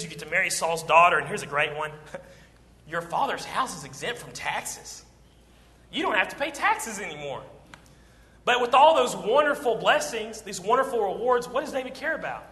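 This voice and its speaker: A man preaching a sermon, retelling a Bible story with lively acted-out quotes. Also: high-pitched. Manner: animated storytelling, acting out quoted lines. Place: church auditorium. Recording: long church hall reverb.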